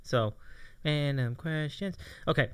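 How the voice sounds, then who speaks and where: A man's voice: fairly high pitch, slow, clear, resonant tone, dry recording. A man hosting a casual live stream, chatty and laughing often. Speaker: host.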